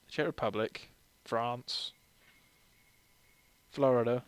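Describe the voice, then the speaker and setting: A man's voice: mid-range voice, slow, clean tone, no echo. Tipsy man rambling over a game. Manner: rambling, self-deprecating, laughs often. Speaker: game streamer. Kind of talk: casual let's-play commentary.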